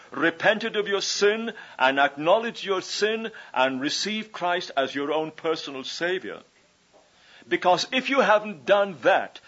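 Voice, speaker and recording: High-voiced man preaching on old tape. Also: fairly bright tone. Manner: earnest, pleading evangelistic appeal; repetitive, emphatic phrasing. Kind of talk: sermon. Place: conference hall. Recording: dull lo-fi 1981 conference tape.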